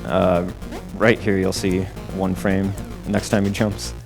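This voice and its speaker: A man's voice: deep voice, little pitch movement, slow pace, gravelly, music in the background. A man casually explaining the tricks of a speedrun live, with many "um" fillers. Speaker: game commentator.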